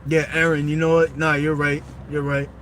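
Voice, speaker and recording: A man's voice: a little high, completely flat delivery, moderate pace. A man chatting profanely with his live chat as he drives, recorded on a phone in a moving car. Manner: rambling, profane, reads chat aloud. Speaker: livestreamer. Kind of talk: casual live-stream chat while driving. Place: inside a car while driving. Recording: loud road noise in a moving car.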